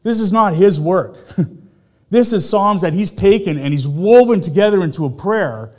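A man's voice: high voice, expressive, normal speed, a little mellow. A middle-aged man, a pastor, preaching a sermon in a conversational way, full of rhetorical questions to the congregation.

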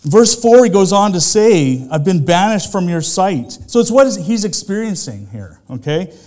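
In a high, sing-song voice with a darkish tone and normal pace, a middle-aged pastor delivers a sermon. He keeps it conversational, peppering the congregation with rhetorical questions.

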